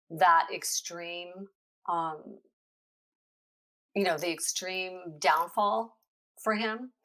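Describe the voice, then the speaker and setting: A woman's voice: medium pitch, bright, forceful tone. A middle-aged woman speaking as a podcast guest, sharing a heartfelt faith testimony in an earnest, conversational way with frequent hesitations.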